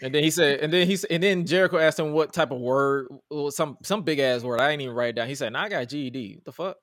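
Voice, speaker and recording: His voice runs a little high and fast, in a dry, studio-quality recording. He co-hosts a wrestling podcast, chatting in an animated, casual way, cursing and performing the quotes he cites.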